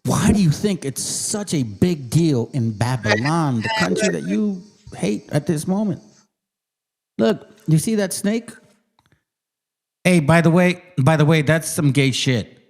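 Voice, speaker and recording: A man's voice: on the high side, animated, unhurried, vocal fry. Host, male, heated rant; aggressive, mocking delivery in a slightly raised voice. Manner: combative, profane, mocking. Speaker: channel host.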